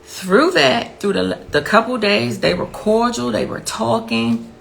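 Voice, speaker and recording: A woman's voice: on the high side, measured pace, creaky, a bit bright, slight background noise, rough recording. A woman, a grieving mother, giving a blunt and impassioned interview account, repeating herself for emphasis. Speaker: victim's mother telling her story.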